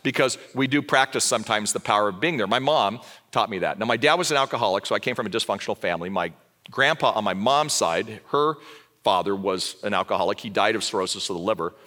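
A man's voice: lowish voice, fast talker. A man in his sixties from Southern California, preaching a sermon full of personal stories and acted-out dialogue. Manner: lively storyteller, acts out dialogue.

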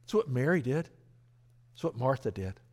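Lively pastor preaching earnestly. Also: male voice, medium pitch, moderate pace. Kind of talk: sermon.

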